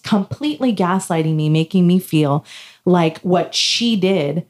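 Low-voiced woman telling a story. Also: a little slow. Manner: animated storytelling, acting out quoted dialogue. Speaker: podcast co-host. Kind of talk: casual chat, telling a personal story.

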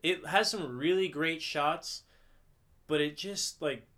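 A man with a bright, forceful voice chats casually as a podcast co-host, rambling and opinionated. He sits slightly high in pitch for a man and sounds tired after a late night out. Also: slow. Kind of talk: casual chat.

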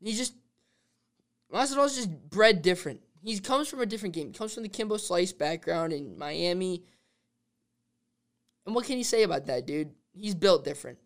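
A man hosting a podcast, talking in a casual, excitable and rambling way, constantly saying "dude". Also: sits high, normal speed, long pauses. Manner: rambling fan talk with restarts. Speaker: podcast host.

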